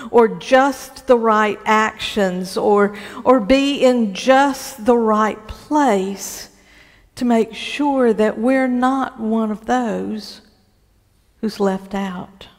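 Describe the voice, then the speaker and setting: In a church, a woman pastor preaches a sermon slowly and deliberately, frequently repeating words while she collects her thoughts. Her voice is a little high, and the sound trails off in a long reverb.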